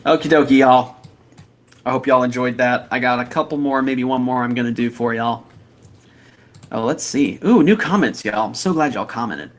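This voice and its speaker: A man's voice: mid-range voice, moderate pace. A young man, chatting casually on a livestream, reading out viewer comments in an upbeat, rambling way. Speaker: livestream host.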